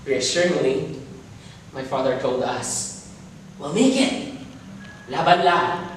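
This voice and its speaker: A man's voice: a little high, a little hiss or hum. Young Filipino man in dramatic recitation. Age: young adult. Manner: theatrical, emotive declamation. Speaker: student contestant. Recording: echoey room, distant mic, faint ambience.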